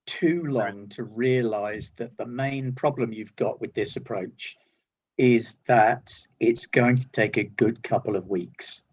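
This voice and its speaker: A man with a husky, slightly breathy voice runs a tabletop game as game master. He describes each scene patiently and reassures his players as they act. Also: mid-range voice, slow pace, a little mellow, highs cut off.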